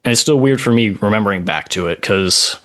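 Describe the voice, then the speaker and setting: Low-voiced man telling a story. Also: fairly bright tone. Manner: halting, with many pauses and "like" asides. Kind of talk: casual storytelling on a podcast.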